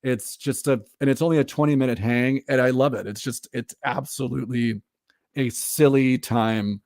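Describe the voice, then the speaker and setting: A man co-hosting a casual podcast chat, animated and full of fillers, laughing often. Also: mid-range voice, moderate pace, no echo, clean studio sound. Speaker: podcast co-host.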